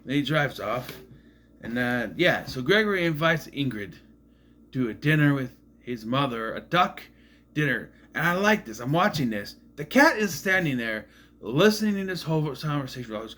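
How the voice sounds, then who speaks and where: A man's voice: mid-range voice, lively intonation, normal speed, fairly bright tone. A man casually recapping a movie in a rambling, musing way, often admitting he is unsure. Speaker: movie reviewer.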